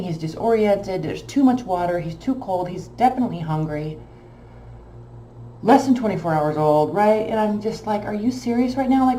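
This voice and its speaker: A woman casually telling a long personal story, emotional and animated, with many fillers. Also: mid-range voice, echoey room, a little hiss or hum. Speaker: tarot channel host.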